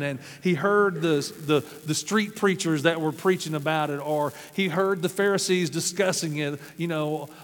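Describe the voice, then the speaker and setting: A pastor from Arkansas, preaching a sermon with folksy, humorous storytelling. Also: male voice, high voice. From South Arkansas, USA. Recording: long hall reverb.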